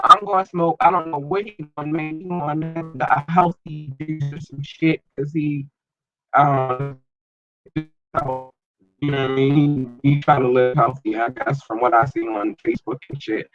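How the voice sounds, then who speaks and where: A man's voice: on the high side, moderate pace, fairly bright tone, dull audio, faint music behind. A man hosting his own podcast in loose, rambling slang, filled with ums, talking through an irritated, watering eye. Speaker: podcast host. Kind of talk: casual solo podcast chat.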